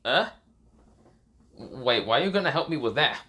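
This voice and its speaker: A man voicing a whiny male ninja teacher who pleads in a strained, high voice. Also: sing-song, normal speed, bright, forceful tone. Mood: confused.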